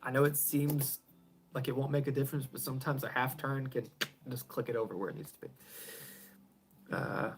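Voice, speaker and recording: A man building pedals and hosting a casual live stream from his garage, answering viewers in a rambling way, often chuckling and trailing off quietly at the ends of thoughts. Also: medium pitch, fairly even intonation, fairly quick, pauses often. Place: home garage.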